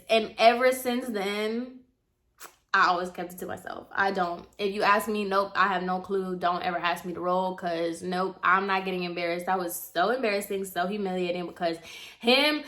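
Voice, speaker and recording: A woman's voice: mid-range voice, steady tone, normal speed, sharp tone. A young adult woman vlogger retelling a personal story in casual, chatty storytime style, with many fillers.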